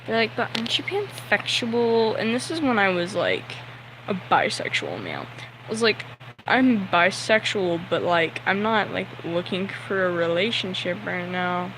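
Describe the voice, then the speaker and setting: A man's voice: sits high, expressive, unhurried, noisy background. A young man telling a story on a livestream, nervous and sweaty, talking in a rambling way full of "like" and acting out the people in his story.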